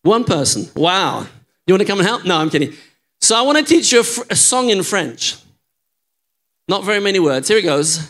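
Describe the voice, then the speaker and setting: A man's voice: high-pitched, big pitch swings, a little fast, pauses often, a bit bright. An older man preaching as a guest in a church, chatty and enthusiastic, joking with the congregation and teaching a song. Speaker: guest preacher and worship leader.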